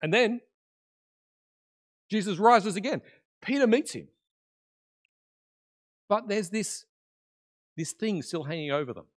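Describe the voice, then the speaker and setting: Male preacher, conversational sermon, slightly high pitch, animated storyteller with hushed dramatic drops. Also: slow, pauses often.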